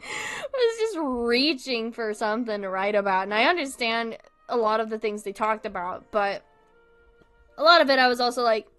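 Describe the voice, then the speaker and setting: A woman's voice: fairly high pitch, very animated, normal speed, fairly bright tone, soft background music. A young woman streamer chatting casually, telling a rambling story and laughing often. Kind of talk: casual chat while drawing on stream.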